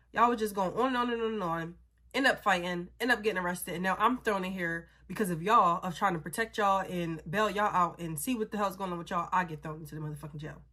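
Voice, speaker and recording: A woman, a mother, telling a story in a casual, animated and blunt way, swearing freely. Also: mid-range voice.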